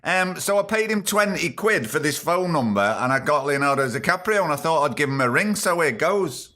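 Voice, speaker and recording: A podcast host talks in a wry, rambling way, full of ums, in a fairly high and very bright voice. He plays along deadpan with his comic guest. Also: brisk. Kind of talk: comedy podcast monologue.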